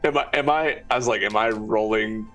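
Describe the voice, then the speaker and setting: A man's voice: lowish voice, a little fast, recorded from a distance, music in the background. A man playing in a tabletop game, joking and laughing as he banters with the table. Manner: joking, animated, laughs often. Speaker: player.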